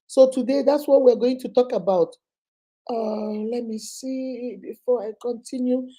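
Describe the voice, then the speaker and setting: A Nigerian woman in her thirties hosting a casual live stream, chatting and greeting viewers by name, her voice going a little hoarse from a cold. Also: on the high side, a little slow, mellow.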